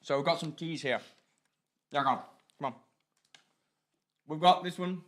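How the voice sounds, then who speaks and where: A man's voice: on the high side, a little slow, a bit bright. A young man hosting a student radio show in a studio, chatting and joking casually while calling out directions to the crew. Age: young adult. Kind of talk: casual livestream chat.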